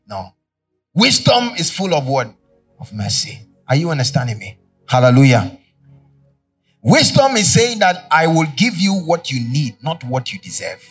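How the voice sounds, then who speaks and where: Ghanaian male pastor, husky voice, mic at a distance, faint music under; call-and-response sermon style. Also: fairly high pitch, lively intonation, a little slow, long pauses. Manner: call-and-response preaching, fill-in-the-blank questions.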